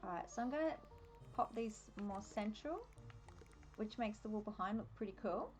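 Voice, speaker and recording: An Australian woman chats her way through a live game stream, wandering off topic and amused at herself. Her voice sits in a middle pitch. Faint game music plays under her voice. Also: lively intonation, moderate pace. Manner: chatty, easily sidetracked, self-amused. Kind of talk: casual live-stream chat while decorating in a game.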